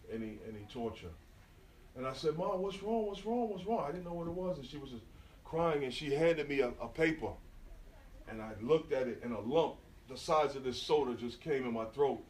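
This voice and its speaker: A middle-aged graffiti artist from New York, speaking in a mid-range voice, entertains a live audience with lively, slangy stories and addresses them directly. The talk took place indoors at an event venue. It was recorded on a smartphone from far back in the crowd, so it sounds roomy with slight background noise.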